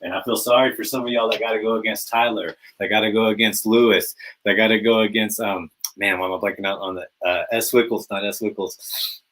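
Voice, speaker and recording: A man with a slightly low voice hosts his own live podcast in a loose, pumped-up monologue. He keeps circling back with fillers like "man" and "baby", talking straight into a home mic. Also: fast, hardly any pauses, low-quality recording. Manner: energetic, hype, repetitive "man" and "baby" fillers. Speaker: podcast host. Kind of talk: casual fantasy football podcast monologue.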